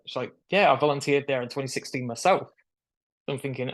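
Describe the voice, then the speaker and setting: A man's voice: mid-range voice, a little fast. Young man telling a story. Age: young adult. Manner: animated storyteller who acts out quoted voices. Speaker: guest. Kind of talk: casual storytelling interview. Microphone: video call.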